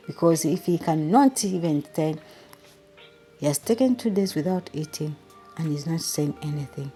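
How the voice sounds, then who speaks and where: A woman hosting a movie review channel, recapping a drama series in an animated, emotional way and speaking straight to her viewers. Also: low voice, moderate pace, faint music behind.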